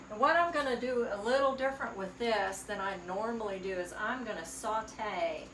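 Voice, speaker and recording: A woman's voice: mid-range voice, noisy background. Southern woman, home cook, chatty cooking talk, echoey kitchen, mic a few steps away. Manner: chatty, homey, talks while stirring and cooking. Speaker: cooking channel host. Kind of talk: casual cooking demonstration. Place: borrowed home kitchen, indoors. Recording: echoey kitchen, distant mic, sizzling pan. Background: frying and sizzling from the stove.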